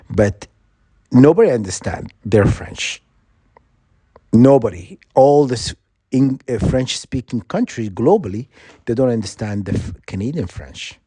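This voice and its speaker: Man, middle-aged, vlogger: warm, relaxed voice, rambling indignant storytelling, dry room. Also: medium pitch, unhurried, breathy edge, no echo. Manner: meandering, self-correcting, indignant; laughs through his own story.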